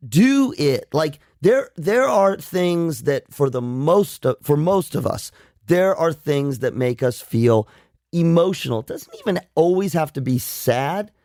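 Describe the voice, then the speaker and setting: Candid, halting male psychologist co-host. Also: on the high side, expressive, darkish tone, no echo, studio quality. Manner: candid and self-deprecating, halting restarts. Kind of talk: casual radio chat.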